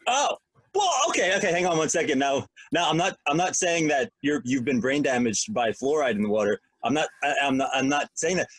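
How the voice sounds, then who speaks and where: A man's voice: mid-range voice, lively intonation, fairly quick, a bit bright. A man co-hosting a podcast in casual chat, rambling and joking as he talks. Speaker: podcast co-host.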